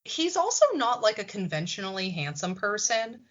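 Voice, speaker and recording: A woman's voice: medium pitch, sing-song, normal speed. A woman co-hosting a podcast, chatting casually and thoughtfully about a TV episode, with some casual swearing. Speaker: podcast co-host. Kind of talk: casual chat reviewing a TV episode. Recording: dull lo-fi recording.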